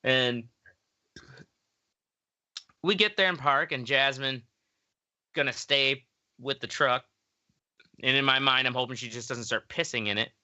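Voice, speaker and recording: A man's voice: mid-range voice, measured pace, long pauses, bright, forceful tone, dry recording. A man telling a long rambling story in casual podcast chat, full of fillers and quoted voices.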